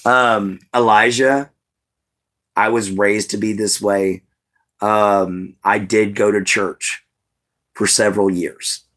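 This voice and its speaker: A man's voice: fairly low pitch, level tone, slow, a bit bright. A man hosting a casual livestream, chatting straight to his viewers in a laid-back way with plenty of "you know"s. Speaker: livestream host.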